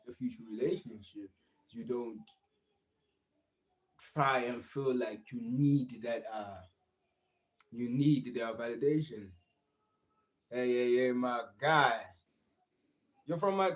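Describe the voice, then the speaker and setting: A man's voice: medium pitch, rough recording. A young man, giving an earnest, encouraging motivational talk on a casual livestream and repeating his phrases. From South Africa. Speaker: livestream host.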